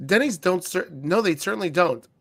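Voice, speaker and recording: A man co-hosting a wrestling podcast, telling stories in a profane, animated way and acting out what people said. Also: high-pitched, moderate pace, gravelly. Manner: profane, animated storytelling with acted-out quotes. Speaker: podcast co-host. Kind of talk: casual chat.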